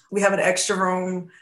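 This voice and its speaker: A woman coaching on faith in a casual podcast chat, telling a lively story and acting out the dialogue, sometimes dropping to a hushed voice. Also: fairly low pitch. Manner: animated storytelling, acts out quoted dialogue.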